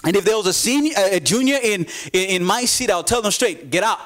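A man's voice: high-pitched, expressive, brisk, fairly bright tone. A man preaching a sermon, earnest, often repeating words and acting out voices he quotes.

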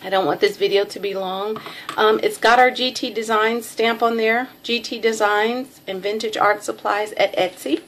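In a steady, fairly bright, mid-range voice at normal speed, a middle-aged Texan woman drawls through a casual show-and-tell of a craft package. She's chatty, pokes fun at herself, says um a lot, and there's a little hiss or hum.

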